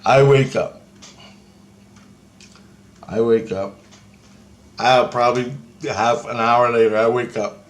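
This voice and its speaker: A man's voice: medium pitch, takes it slowly, pauses often. A man swearing through a strange vision story. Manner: profane, excitable storytelling that acts out quoted voices. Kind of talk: rambling first-person account of a vision.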